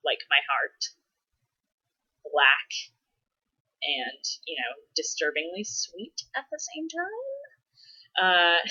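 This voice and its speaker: Chatty woman, bright and lively. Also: low voice, highs cut off. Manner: chatty, laughs often, dramatic exasperated asides. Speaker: vlogger answering follower questions. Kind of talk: casual chat.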